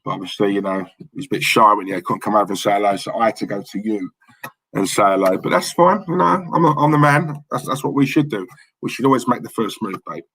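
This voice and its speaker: A man's voice: on the low side, fast, a bit bright, slightly rough, no echo, low-quality recording. A man hosting a live football watchalong, chatting casually and cheekily while reading comments, with lots of fillers and repeated words. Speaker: livestream host.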